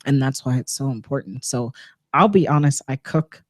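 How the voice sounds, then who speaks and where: On a community radio talk show, a woman guest with a bass voice speaks frankly and earnestly about her work and self-care, laughing along with the host in a casual interview. She talks at normal speed, and the radio studio sound is clean with no echo.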